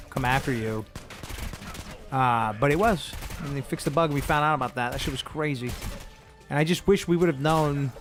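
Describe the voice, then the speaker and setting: A man commentating casually while he plays a shooter game. He rambles, jokes and swears freely. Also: on the high side. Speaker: streamer.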